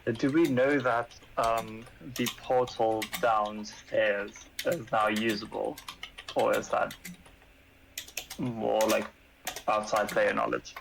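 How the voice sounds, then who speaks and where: A man playing a tabletop game, asking halting questions in casual chat. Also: fairly low pitch, fairly even intonation, gravelly, noisy background. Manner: asks questions with halting restarts. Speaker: player.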